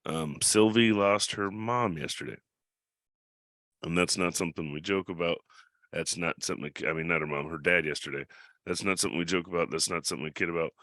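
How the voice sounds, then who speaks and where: A man with a very low voice hosts a casual podcast from home. He jokes, swears and laughs easily, and the sound is close and dry with no room echo. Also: fairly quick, a bit bright. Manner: joking and profane, laughs often. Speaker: podcast host.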